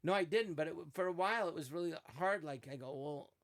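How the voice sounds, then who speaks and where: Older man telling animated stories. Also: on the high side, fast talker. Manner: animated anecdotes with quoted voices. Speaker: podcast guest. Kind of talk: casual storytelling.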